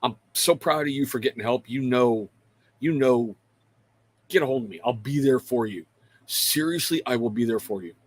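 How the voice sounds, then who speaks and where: A man's voice: medium pitch, moderate pace. Casual rambling male livestream host. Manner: rambling, reads out viewer names, swears casually. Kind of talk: casual livestream chat with viewers.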